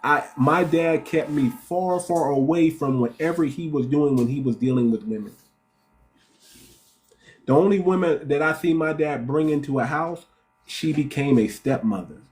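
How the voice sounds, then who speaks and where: A man hosts a casual livestream as a relationship coach, his voice on the high side with a darkish tone at normal speed. Blunt and direct, he tends to restart his sentences and say words twice.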